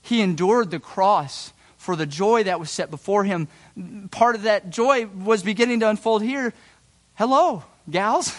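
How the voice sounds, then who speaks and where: A man preaching a sermon, dramatic and folksy, dropping to hushed low passages and rising to loud excited bursts, with casual asides and restarts. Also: normal speed. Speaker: pastor.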